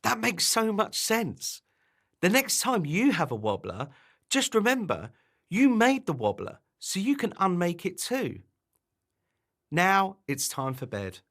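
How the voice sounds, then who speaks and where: A man reading a children's bedtime story aloud, in an animated and expressive way. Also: medium pitch.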